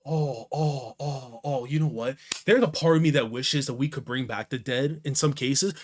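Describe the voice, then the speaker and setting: A young man reacting to a manga chapter, excitable and slangy, jumping between loud outbursts and low mutters. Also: moderate pace, few pauses. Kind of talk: animated reaction commentary.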